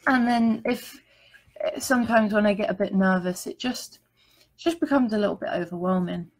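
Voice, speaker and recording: A woman's voice: mid-range voice, moderate pace, low-quality recording. A woman co-hosting a livestream, chatting casually and candidly, with hesitant restarts. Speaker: livestream co-host. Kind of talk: casual chat.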